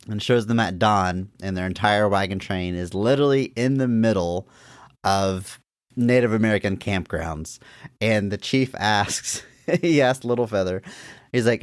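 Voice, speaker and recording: A man retelling movie scenes on a podcast with lively, amused energy and quick acted-out quotes. His voice sits on the low side, and the sound is dry and close with no room echo. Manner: animated retelling of scenes, acts out quotes with laughs. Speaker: podcast co-host. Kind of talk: casual movie-review chat.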